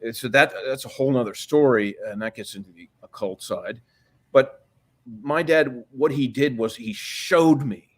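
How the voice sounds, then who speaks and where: A man's voice: medium pitch, moderate pace. A man in his fifties, a guest in an interview, telling long rambling stories with plenty of swearing and acted-out quoted dialogue. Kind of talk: casual storytelling interview.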